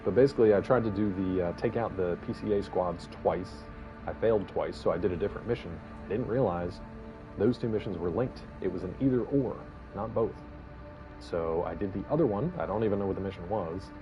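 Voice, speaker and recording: A man's voice: low voice, fairly quick, muffled recording, over music. A man in his forties casually commenting on his gameplay during a live stream, rambling and joking with viewers. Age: 40s.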